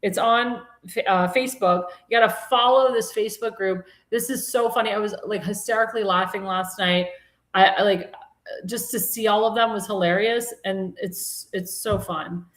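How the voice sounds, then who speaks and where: A woman's voice: mid-range voice, fairly even intonation, moderate pace. Chatty woman host, roomy sound. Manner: chatty, rambling, many fillers and restarts; indignant, scolding. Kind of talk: casual political talk show commentary. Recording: roomy echo.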